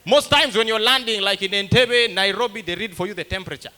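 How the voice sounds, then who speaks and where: A man's voice: sits high, fast. A man doing a stand-up comedy set, telling stories and acting out the voices of other people. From Uganda. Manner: animated storytelling that acts out other people's lines.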